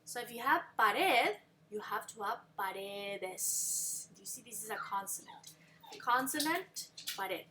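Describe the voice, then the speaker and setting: A woman leads a recorded language lesson in a crisp, bright voice that sits a little high. She drills rhymes patiently and keeps asking whether the class follows. On the key example words she slows down sharply. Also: very animated, a little hiss or hum. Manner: patient, drills rhymes and asks check-in questions. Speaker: Spanish teacher.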